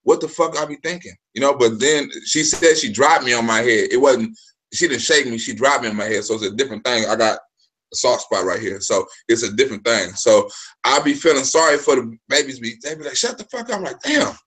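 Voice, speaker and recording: A man hosting a casual livestream chat, loose and slangy, swearing freely and bursting into shouts. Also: mid-range voice, fairly quick. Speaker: livestream host.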